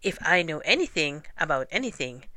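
A woman voicing a cheerful, simple, food-loving male teddy bear in a storybook reading, speaking slowly and earnestly with sing-song humming. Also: sits low, sing-song, sharp tone, dry recording, exaggerated voice.

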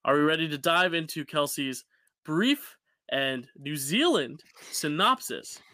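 A man's voice: on the high side, expressive, measured pace, sharp tone, no echo. A young man co-hosting a casual podcast chat, talking loosely with many fillers and restarts over a home call mic. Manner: chatty, rambling with fillers and restarts. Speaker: podcast co-host.

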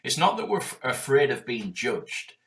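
A middle-aged man with a Yorkshire accent, a business coach in casual podcast chat, animated and swearing as he acts out quoted voices. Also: mid-range voice, moderate pace. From Yorkshire, England.

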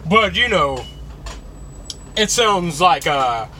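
A young American man with a high, nasal voice talks in a loose, rambling rant. He swears freely and his pitch swings all over as he gets worked up. There is clear traffic noise around him, as if he is recording outdoors near a car. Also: extremely slow. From United States. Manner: rambling, profane, animated. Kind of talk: casual rant.

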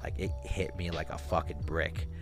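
A man's voice: a bass voice, steady tone, moderate pace, creaky, over music. A man hosting a podcast, telling a long rambling story in casual talk, with restarts and swearing. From Alaska. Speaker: podcast host.

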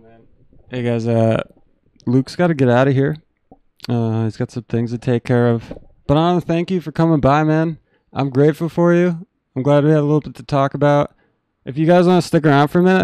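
A man's voice: a little high, fairly even intonation, brisk, a little mellow, clear, resonant tone, dry recording. A man hosting a live stream, talking in a blunt, earnest, profane way to his viewers. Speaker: stream host. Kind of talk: casual chat.

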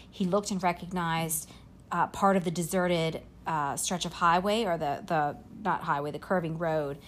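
Low-voiced woman retelling a story. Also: a little hiss or hum. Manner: retells a story haltingly, with many fillers and self-corrections. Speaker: podcast host. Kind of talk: casual storytelling chat.

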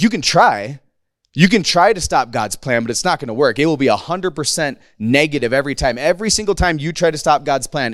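A man's voice: mid-range voice, no echo, studio quality. A man in his thirties preaching a casual, conversational sermon to a congregation, slangy and playful, acting out the quotes. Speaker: pastor.

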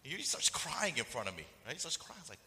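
In a conversational sermon, a male pastor talks fast in a voice on the high side, animatedly telling stories and performing the quoted voices of their characters. A long reverb tail trails his words.

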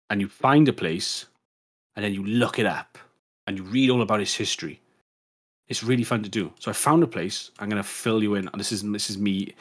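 Lowish guy rambling on a podcast, swears a lot, keeps restarting sentences. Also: fairly bright tone. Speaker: podcast co-host. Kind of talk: casual chat.

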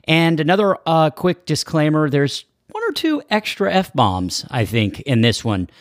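A man's voice: fairly high pitch, sing-song, measured pace, dry recording. Easygoing male podcast host, dry sound. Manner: easygoing, joking interjections. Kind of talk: casual chat.

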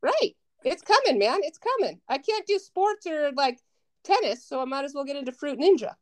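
Woman, 30s, higher-pitched, animated, self-mocking, casual storytelling, dry recording. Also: normal speed, no room sound. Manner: animated, self-mocking, acts out her own past lines. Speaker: podcast guest.

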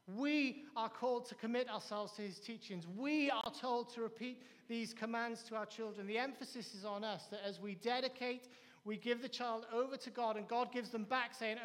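A man's voice: very high voice, in a large hall. A man preaching a sermon as pastor, emphatic, with repeated phrases and acted-out quotes. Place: church.

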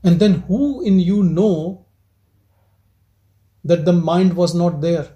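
A man leads a satsang, his voice sitting high for a man yet soft and mellow in tone. He turns over one rhetorical question after another in a gentle, probing teaching manner, the talk reflective rather than forceful. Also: slow, lo-fi sound. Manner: asks repeated rhetorical questions. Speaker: spiritual teacher leading a satsang.

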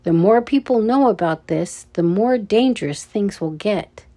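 A woman's voice: expressive, unhurried. A woman doing a hulking, throaty guard. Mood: urgent. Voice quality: deep, throaty. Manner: urgent, hushed warnings. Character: huge gruff male security guard.

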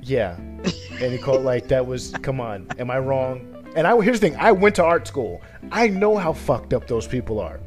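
A man's voice: mid-range voice, lively intonation, normal speed, soft background music. A man co-hosting a podcast, chatting casually in a blunt, profane way. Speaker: podcast co-host. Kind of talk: casual chat.

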